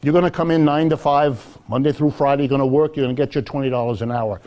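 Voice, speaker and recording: Man, professor, public lecture, storytelling delivery, mid-pitched voice. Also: fast talker. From United States. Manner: animated storytelling, addresses audience directly. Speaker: economics professor.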